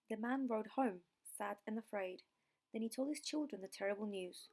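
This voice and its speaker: A woman narrating a fairy tale slowly and clearly for English learners. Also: medium pitch, a little mellow. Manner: slow, deliberate reading. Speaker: audiobook narrator.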